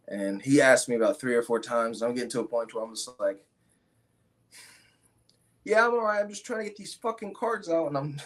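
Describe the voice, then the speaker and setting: Young male fighter, interview guest, casual storyteller with frequent fillers. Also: medium pitch. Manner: rambling, many fillers and restarts.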